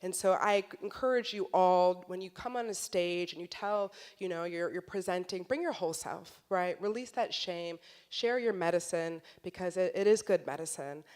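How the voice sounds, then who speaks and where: Smooth-voiced woman closing a keynote. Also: fairly low pitch, a little mellow. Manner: earnest, measured, encouraging. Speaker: conference speaker.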